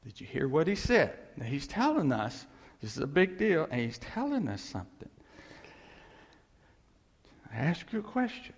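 A man preaching with a husky, gravelly voice whose pitch swings widely as he presses his points. He talks in a conversational way and keeps asking his listeners questions. His voice carries a long reverb from a large hall. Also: sing-song, moderate pace, pauses often. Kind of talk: sermon.

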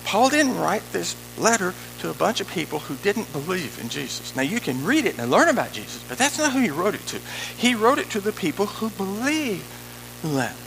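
High, gravelly, lively-voiced male preacher. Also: brisk, a little hiss or hum, poor audio. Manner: animated, emphatic preaching, conversational asides. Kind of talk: sermon.

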